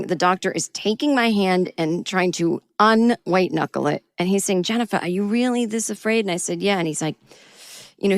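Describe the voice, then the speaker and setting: A woman hosting a solo podcast, telling a personal story in a wry, self-deprecating and animated way. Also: on the low side, dry recording. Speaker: podcast host and comedian.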